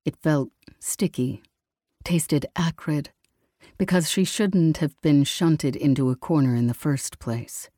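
A woman giving a slow, even scripted narration of a story. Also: deep voice, no echo, clean studio sound. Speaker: audiobook narrator.

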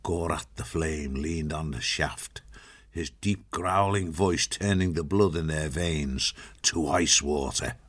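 Deep-voiced male audiobook narrator. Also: fairly bright tone. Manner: measured, dramatic storytelling. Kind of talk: scripted narration.

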